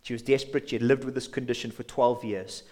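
A man's voice: mid-range voice, steady tone, fast, darkish tone. A man preaching a sermon as pastor in a church, passionate, sometimes acting out imagined voices. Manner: impassioned, acts out imagined inner voices.

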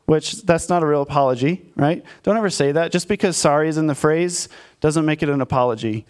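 Male pastor in his thirties, conversational sermon; candid, self-mocking storyteller with a smooth, clear voice pitched a bit high. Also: a little fast, few pauses, darkish tone. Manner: candid, self-deprecating storytelling with frequent fillers.

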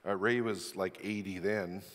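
A man's voice: low-pitched, steady tone, unhurried, fairly bright tone, big-room sound. A middle-aged male pastor preaching a sermon, with candid, self-deprecating stories. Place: church sanctuary.

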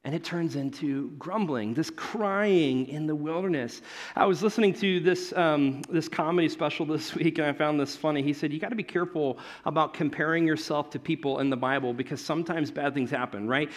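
A man preaching a sermon as pastor in a church, conversational and animated, often acting out the voices he quotes. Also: fairly high pitch, a little fast.

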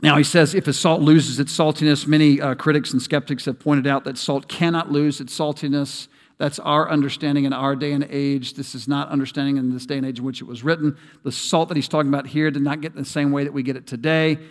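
Pastor, male, fairly high voice, conversational sermon delivery that climbs to emphatic peaks, long reverb. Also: level tone, quick pace.

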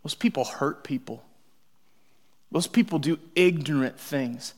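Animated preacher man, slightly high voice. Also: unhurried. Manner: animated, swings from loud exclamations to hushed asides. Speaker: pastor. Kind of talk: sermon with humorous story.

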